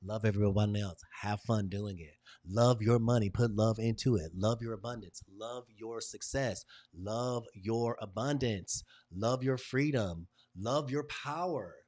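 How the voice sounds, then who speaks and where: A man hosting a live workshop, leading a group through emphatic, repetitive motivational affirmations with emotional pauses. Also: fairly low pitch, darkish tone, dry recording. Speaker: host and design workshop leader.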